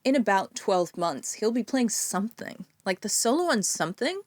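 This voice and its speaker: A woman hosting a podcast, talking about music in an analytical, animated way. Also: medium pitch, moderate pace, no echo, studio quality. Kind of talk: casual music discussion.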